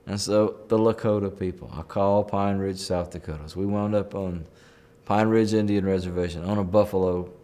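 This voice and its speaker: A middle-aged man with a drawl tells a personal story in an easygoing interview. His voice sits fairly low, and he talks in unhurried, folksy anecdotes with a chuckle here and there. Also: steady tone, warm tone. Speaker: country musician telling a story.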